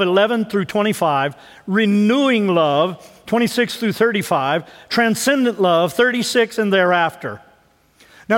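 A man in his fifties, a pastor preaching a sermon in a conversational way, dropping to low asides and rising for emphasis. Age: 50s. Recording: long hall reverb.

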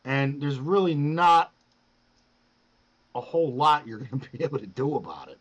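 A man's voice: medium pitch, expressive, normal speed, husky, muffled recording. Casual man coaching with loose profanity. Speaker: podcast host coaching a guest. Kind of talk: casual chat.

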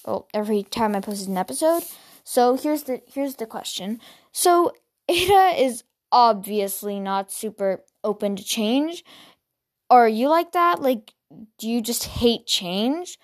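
A woman with a fairly high voice reads a storybook aloud, then drifts into loose, chatty talk about it. She stumbles and restarts her sentences now and then, and her delivery stays relaxed and unpolished throughout. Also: unhurried. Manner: casual, with filler words and restarts. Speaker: podcast host reading a novel aloud. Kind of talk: storybook reading with casual chat.

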